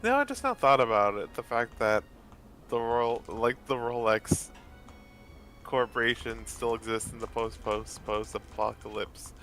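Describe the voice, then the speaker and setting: Gravelly-voiced man, casual let's-play co-host, rambling chatter with background music. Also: mid-range voice, expressive, unhurried, a bit bright. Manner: rambling, many fillers and restarts, laughs often. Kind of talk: casual gameplay chat.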